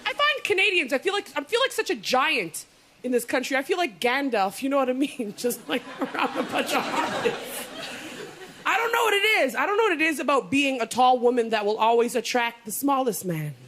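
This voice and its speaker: On a comedy stage in front of a live audience, a North American woman performs a bawdy, punchy stand-up set and slips into exaggerated impressions. Her voice is high and sing-song, and she talks fast. Loud studio audience laughter and noise fill the recording.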